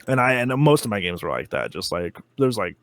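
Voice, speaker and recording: A man talks as a guest on a gaming podcast, relaxed and chatty with frequent laughs and a steady stream of "like". His pitch moves around animatedly. The sound is dry, with no room echo. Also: a little fast. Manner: chatty, laughs often, lots of "like" and "um". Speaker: interview guest, expert game player. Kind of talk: casual gaming podcast chat.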